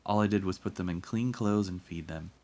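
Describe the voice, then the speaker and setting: A man voicing a gentle, hesitant woman guardian, raising his voice a little for her. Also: low-pitched, brisk, close to an everyday voice.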